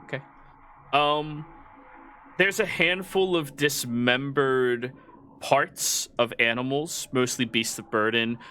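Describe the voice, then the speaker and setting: A man narrating a tabletop game as game master, describing the scene in a halting way with many fillers. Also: mid-range voice, sharp tone, a little hiss or hum.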